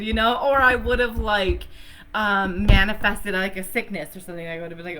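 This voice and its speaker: A woman's voice: mid-range voice, brisk, pushed and bright. A woman teaching breathwork on a live online session, chatty and effusive, laughing often and using a lot of fillers. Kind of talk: casual live-stream teaching.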